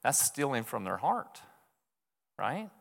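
A man's voice: mid-range voice, very animated, takes it slowly, gravelly. A man preaching a conversational sermon, telling stories and often checking in with the congregation with "right?". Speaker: pastor. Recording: long reverb of a large hall.

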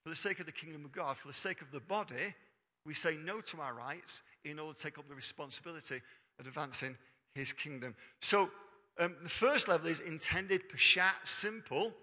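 A man's voice: on the high side, fairly quick, bright, forceful tone. A man preaching a sermon in a church, talking conversationally and quizzing the congregation. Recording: long hall reverb.

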